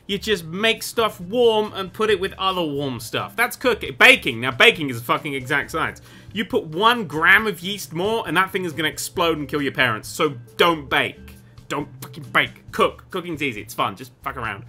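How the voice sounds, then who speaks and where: A man doing let's play commentary, excitable and sweary, wandering into rambling asides. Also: fairly high pitch, fast talker, faint music behind. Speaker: gaming YouTuber.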